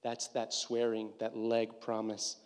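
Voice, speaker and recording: A man's voice: on the low side, monotone, slow, in a large hall. A man preaching a sermon as pastor, retelling scripture in a casual, slangy way. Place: church.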